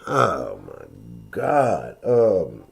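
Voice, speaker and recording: A man's voice: low voice, wildly swooping pitch, very slow, creaky, slightly rough. A man hosting his sports channel in a casual live-stream chat from his home office, profane and loose.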